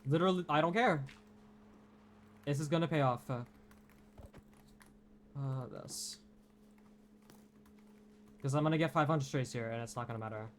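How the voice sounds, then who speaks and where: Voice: medium pitch, moderate pace, pauses often, a little hiss or hum. A streamer giving frantic live commentary during a game, swearing and mocking their own mistakes. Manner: frantic, swearing, self-deprecating outbursts. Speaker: streamer playing in a tournament.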